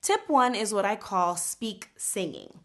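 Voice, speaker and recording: A woman teaching a casual singing lesson, animated and explaining with quick spoken and sung examples. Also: medium pitch.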